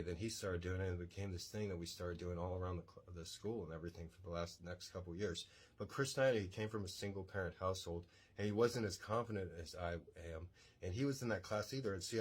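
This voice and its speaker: Deep-voiced, fast-talking man in his forties. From San Antonio, Texas. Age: 40s. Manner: rambling, blunt, self-assured. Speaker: podcast storyteller. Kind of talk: casual personal storytelling.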